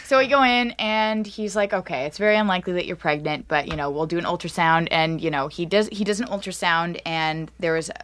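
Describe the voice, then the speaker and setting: A woman's voice: fairly low pitch, steady tone, fairly quick, hardly any pauses, a bit bright. A woman co-hosting a casual podcast, telling a personal story candidly and laughing now and then. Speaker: podcast co-host. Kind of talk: casual chat.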